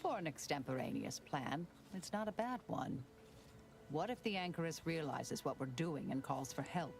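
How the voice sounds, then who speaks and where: A woman voicing a dry, wary female companion in a game, with a gravelly voice. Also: low-pitched, expressive, normal speed, faint music behind.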